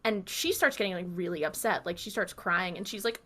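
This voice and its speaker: A woman's voice: lowish voice, brisk, fairly bright tone. A woman co-hosting a podcast, retelling scenes in casual chat and acting out the quotes. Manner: chatty storyteller, acts out quotes. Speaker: podcast co-host.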